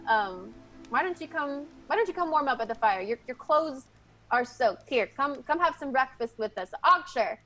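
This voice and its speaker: A woman's voice: sits high, expressive, moderate pace, sharp tone, soft background music, pitched above the performer's own voice, heavily acted. A woman voicing a smug, slippery male trader who is overly friendly and evasive. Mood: coaxing. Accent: put-on Cockney, soon dropped. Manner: wheedling, overly friendly, hesitant.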